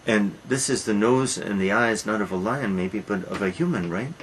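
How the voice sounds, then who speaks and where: Man doing a hushed tragic mother, questioning, deluded, low voice. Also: moderate pace, a little hiss or hum, lightly acted, low-quality recording. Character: grief-struck mother Agave, deluded then dawning horror.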